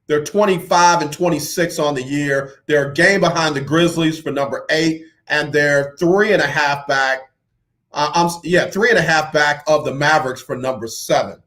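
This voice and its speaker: A man hosting a casual sports talk radio show, animated and joking, often repeating himself for emphasis. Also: fairly high pitch.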